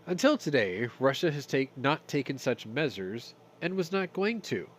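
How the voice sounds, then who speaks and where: A man's voice: medium pitch, sing-song, normal speed, fairly bright tone. A stuffy-nosed man hosting a casual news roundup, reading stories and adding sarcastic, profane jokes. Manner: sarcastic, swears, reads news then jokes. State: stuffy from sinuses. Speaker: news commentary host.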